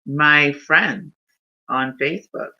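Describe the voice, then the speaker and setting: A woman's voice: low-pitched, slow pace, sharp tone. A woman hosting a casual live stream, telling a personal story in an emotional, heartfelt way. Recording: dull lo-fi stream audio.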